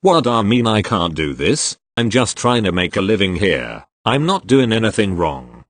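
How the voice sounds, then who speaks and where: A surly old man who scavenges bins for bottles, ranting defensively and scorning everyone around him, as a male story reader puts him on. The voice sits low and gruff, swinging widely in pitch as he rages, recorded dry and close with no room sound. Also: very animated, moderate pace, no room sound. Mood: indignant.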